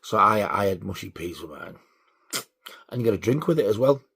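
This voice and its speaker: A man telling a sweary, animated story in a casual vlog. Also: lowish voice, fairly quick, gravelly, husky. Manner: sweary, animated when riled. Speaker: vlogger.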